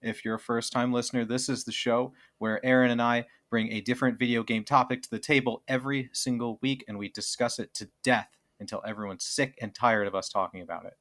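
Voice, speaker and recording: A man's voice: mid-range voice, fairly even intonation, brisk, few pauses, fairly bright tone. A man co-hosting a casual video game podcast, talking in a playful, goofy way. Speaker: podcast co-host.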